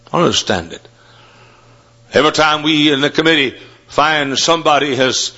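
A man's voice: medium pitch, bright, forceful tone. A man preaching a sermon from a pulpit in a college chapel, telling folksy stories and then driving hard at his points. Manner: folksy storytelling, rising to emphatic preaching. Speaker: Baptist preacher. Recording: dull lo-fi recording.

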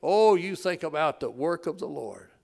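A man, preaching a sermon in a folksy storytelling way that swells loud and drops to a hush. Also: on the high side, animated, moderate pace, gravelly. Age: 80s.

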